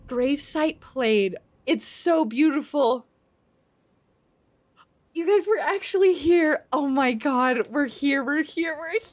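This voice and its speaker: A high-voiced woman streams herself playing a game, giving excitable live commentary. She gasps often and swears freely.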